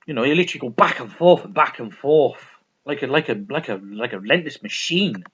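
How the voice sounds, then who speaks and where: Rambling man with a lively voice. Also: mid-range voice, brisk, slightly rough. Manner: rambling, repeats himself, enthusiastic. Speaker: vinyl collector vlogger. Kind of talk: casual record review chat. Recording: dull lo-fi recording.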